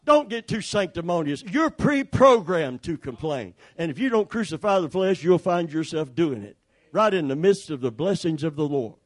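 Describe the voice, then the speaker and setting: A man's voice: a little high, animated, normal speed. A man pastor preaching a sermon with emphatic repetition and calls for the congregation to respond.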